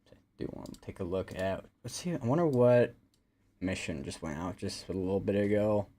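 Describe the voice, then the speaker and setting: A man's voice: on the low side, expressive, normal speed, dark tone. A man hosting a live weather stream, talking casually and rambling with lots of fillers and restarts. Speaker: livestream weather host.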